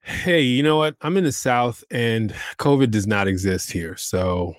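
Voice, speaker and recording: A man's voice: medium pitch, no room sound, clean studio sound. A man co-hosting a podcast, easygoing, chiming in with short remarks. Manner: easygoing, quick interjections. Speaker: podcast co-host. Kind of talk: casual chat.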